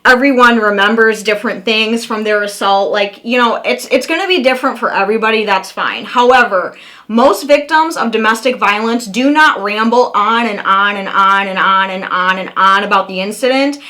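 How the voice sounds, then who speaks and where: A woman's voice: medium pitch, moderate pace, bright, forceful tone. A young woman giving blunt, sarcastic reaction commentary, speaking straight to her viewers. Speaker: commentary vlogger.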